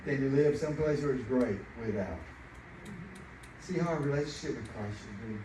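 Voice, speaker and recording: A middle-aged man preaching a sermon, chatty and animated, telling family stories and laughing along. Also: medium pitch, normal speed. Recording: echoey room, distant mic, noisy.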